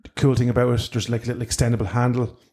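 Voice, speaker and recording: A man's voice: mid-range voice, flat delivery, rapid-fire, warm tone. Rambling Irish man, podcast co-host. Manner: rambling, with many restarts and fillers. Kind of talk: casual gear review chat.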